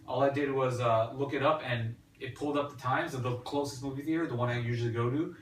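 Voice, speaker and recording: A man's voice: mid-range voice, a little fast, hardly any pauses. A man hosting a podcast, chatting casually about tech and hesitating often with fillers and restarts. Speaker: podcast host. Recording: echoey room, distant mic, faint hiss.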